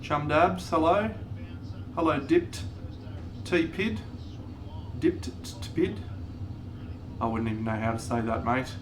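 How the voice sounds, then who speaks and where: A man's voice: on the high side, animated, unhurried, long pauses, background noise. A man chatting casually on a live stream, greeting viewers one by one as he works on a model. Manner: greets chat viewers while painting a model, laid-back.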